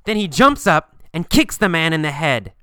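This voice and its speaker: A man teaches English pronunciation through a story, speaking slowly and clearly so each phrase can be copied. His voice is crisp and bright, with a lively, rising-and-falling pitch. The recording is dry and close. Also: dry recording. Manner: slow and emphatic, repeating phrases for learners to copy. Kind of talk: slow, deliberate language-lesson storytelling.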